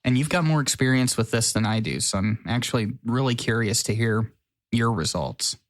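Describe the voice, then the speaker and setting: A man's voice: mid-range voice, normal speed. Chatty, teasing podcast co-host man. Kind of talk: casual chat.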